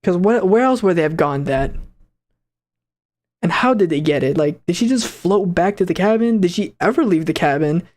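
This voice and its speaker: A man casually commenting on a game he plays for the first time, reading its lines aloud and bursting into slangy, excitable reactions. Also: high voice, normal speed. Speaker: gaming channel host.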